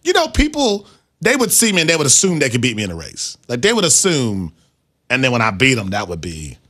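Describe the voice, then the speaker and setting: A man with a Midwestern accent co-hosting a casual sports chat, animated and laughing easily. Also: mid-range voice, fairly quick. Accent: Midwestern American. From Milwaukee, USA. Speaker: podcast co-host.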